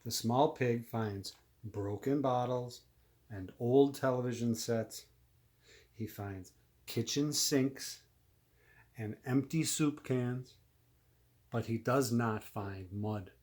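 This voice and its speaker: Slow easygoing guy reading a kids book out loud, stops to quiz the kid. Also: mid-range voice. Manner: pauses to ask the listener questions. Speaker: reader to a child. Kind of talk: reading a picture book aloud.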